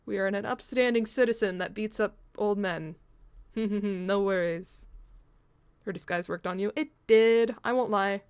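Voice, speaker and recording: A woman's voice: medium pitch, unhurried, a little mellow, clean tone, no room sound. Chatty woman streamer reading aloud. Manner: chatty, laughing, muses on pronunciation. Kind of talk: reading a game's story aloud to chat.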